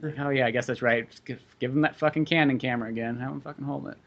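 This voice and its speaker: A man co-hosting a podcast, chatting casually about movies in a rambling, animated way with lots of swearing. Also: medium pitch, very fast, gravelly, lo-fi sound. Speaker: podcast co-host.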